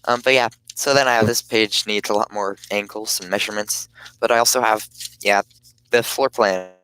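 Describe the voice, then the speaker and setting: A man casually chatting on his live stream, rambling in a halting way and often cutting himself off mid-thought. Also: lowish voice, steady tone, bright, forceful tone, clean tone, poor audio. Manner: rambling, halting, self-interrupting.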